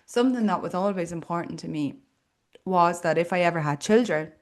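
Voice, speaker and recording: A woman's voice: fairly low pitch, fairly quick. A woman with an Irish accent hosting a podcast, talking earnestly and reflectively in a personal monologue with casual fillers. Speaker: podcast host.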